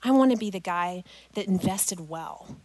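A woman's voice: medium pitch, moderate pace, dry recording. A middle-aged woman speaking to a parents' group, telling an emotional personal story and tying it to scripture. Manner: emotional, animated storytelling, addresses listeners as "guys".

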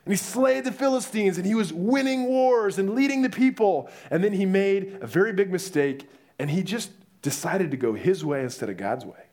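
A young man preaching a sermon, telling the story in a lively way and acting out the voices. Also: sits high, normal speed, hardly any pauses.

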